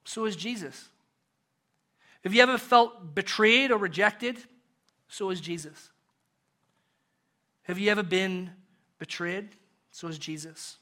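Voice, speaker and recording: High, bright British pastor preaching. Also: male voice, takes it slowly, long pauses. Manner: rhetorical questions, builds and drops in volume. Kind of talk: sermon.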